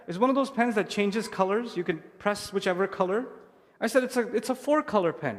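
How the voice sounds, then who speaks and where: Man, high-pitched voice, lecture to parents, lively storyteller, long hall reverb. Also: a little fast. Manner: lively storytelling, acts out a child's voice. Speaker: Islamic speaker.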